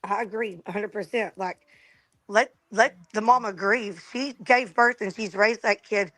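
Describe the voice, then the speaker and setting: A woman's voice: mid-range voice, measured pace, bright, forceful tone, rough recording. A woman speaking as a guest on a panel chat, sympathetic in tone and often repeating words as she starts a thought.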